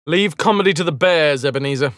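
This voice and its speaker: A man's voice: a little high, quick pace, a bit bright, dry recording, studio quality. A man live-streaming a game, chatting casually with viewers in a rambling, self-mocking way and swearing freely.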